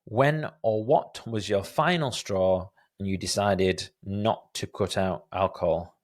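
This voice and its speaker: A man's voice: lowish voice, slow. A man in his thirties hosting a solo podcast, answering listener questions in a reflective, hesitant way with many fillers and restarts. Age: 30s. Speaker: podcast host.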